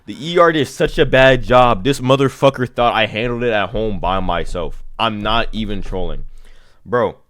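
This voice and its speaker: A man's voice: fairly low pitch, normal speed, fairly bright tone. A young man streaming to his chat, telling a long story in a rambling, slang-heavy way and repeating "you see what I'm saying.".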